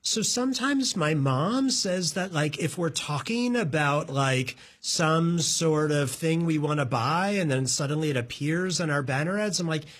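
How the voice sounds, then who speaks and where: Husky animated woman chatting on a podcast. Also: low-pitched. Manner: animated, laughs often, quick asides. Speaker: podcast co-host. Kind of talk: casual chat.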